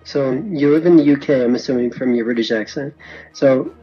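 Man, firm warnings, sarcastic, husky voice, dull lo-fi voice chat. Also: medium pitch, brisk, dark tone, soft background music. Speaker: virtual world estate manager.

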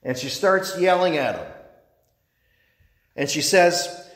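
Priest preaching in a long-echoing church. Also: male voice, on the high side, very animated, a bit bright. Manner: storytelling, halting with repeated restarts. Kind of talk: sermon. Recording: echoey church with long reverb.

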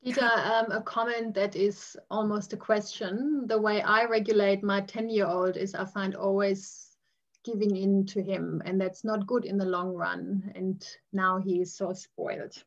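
A woman's voice: mid-range voice, level tone, unhurried, highs cut off. A woman, a participant in an online talk, asking the speaker a question in a hesitant and friendly way.

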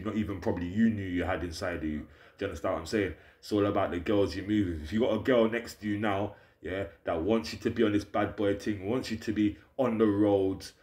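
Low-voiced man. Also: echoey room. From England. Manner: preachy, forceful, repeats "you understand" and "innit". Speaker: vlogger. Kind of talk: straight-to-camera rant.

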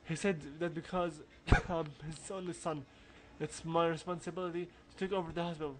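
Guy doing a nervy high-voiced schoolboy from a game, put-on accent, stammers a lot. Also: flat delivery, moderate pace, close to an everyday voice. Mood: flustered. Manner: reads game dialogue aloud with a put-on accent, stumbling and stammering. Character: anxious teenage schoolboy in the music club. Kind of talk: reading game dialogue aloud.

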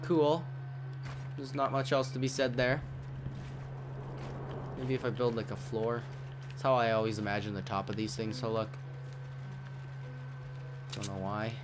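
A man giving casual gameplay commentary, rambling and swearing, with sudden loud outbursts. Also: mid-range voice, steady tone, a little slow, long pauses, noisy background. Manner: profane, rambling, jumpy outbursts. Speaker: gaming YouTuber.

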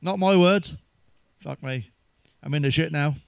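A man's voice: a little high, a little slow, vocal fry, smooth, no room sound. Sweary English man telling one-liners. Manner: swears heavily, laughs at his own jokes; sips a drink between jokes. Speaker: stand-up comedian. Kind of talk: crude one-liner stand-up.

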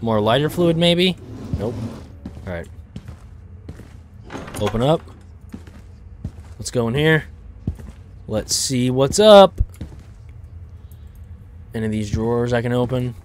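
A man commenting on a horror game playthrough, jumpy and swearing, shouting when startled. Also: medium pitch, lively intonation, slow, long pauses, a little hiss or hum. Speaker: gaming video host.

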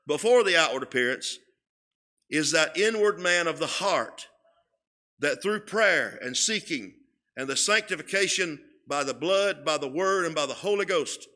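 A man teaching a Sunday school Bible lesson in a church, speaking in a slow, emphatic way and often repeating his words. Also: a little high, sharp tone. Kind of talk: sermon-style Bible lesson. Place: church sanctuary.

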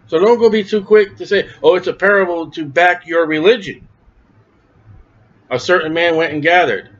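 A man preaching a sermon in a conversational way, asking and answering his own questions and acting out the voices in the story. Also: lo-fi sound. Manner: acts out quoted voices with raised pitch.

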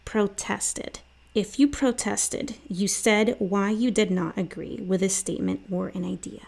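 A woman's voice: mid-range voice, unhurried, creaky, a little mellow. A woman teacher reading a children's book aloud and asking comprehension questions.

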